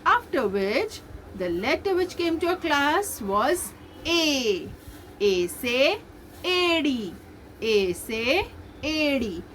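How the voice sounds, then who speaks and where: A woman teaching young children as a nursery teacher, slowly repeating letter sounds in a sing-song way. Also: sits high, big pitch swings, fairly bright tone, a little hiss or hum. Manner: sing-song, slow drilled repetition of sounds. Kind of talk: recorded online lesson for young children.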